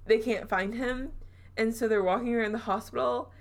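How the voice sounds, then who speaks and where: A woman's voice: on the high side, steady tone, normal speed. A woman hosting a podcast, telling a spooky story in a chatty way with frequent laughs and fillers. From Southern US. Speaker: podcast host. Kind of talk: casual storytelling chat.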